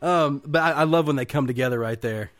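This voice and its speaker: A man co-hosting a casual movie podcast, retelling scenes with lots of swearing and loud acted-out quotes. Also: a little fast, dry recording. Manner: animated, acts out movie lines with loud high quotes, swears a lot. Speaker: podcast co-host. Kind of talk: casual movie-review chat.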